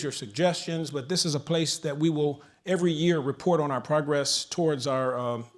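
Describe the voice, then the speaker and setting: A man speaking into a handheld mic at a large public forum, moderating and announcing with energy. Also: a little high. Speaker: moderator and organization leader. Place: large event hall.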